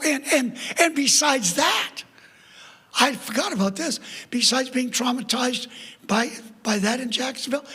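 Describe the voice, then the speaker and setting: An older man preaching as a guest speaker, telling a story in an animated way with frequent laughter. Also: very high voice, husky. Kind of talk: storytelling sermon. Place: church sanctuary. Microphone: PA microphone. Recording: church sanctuary with long reverb.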